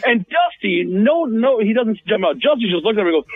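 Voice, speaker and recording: A chef, a guest on a radio show, telling stories in a lively, casual way, full of fillers and acted-out quotes. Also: male voice, high voice, fairly quick. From Hmong American. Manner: animated storyteller, acts out quotes, many fillers. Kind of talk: casual radio interview storytelling. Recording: phone-line guest audio.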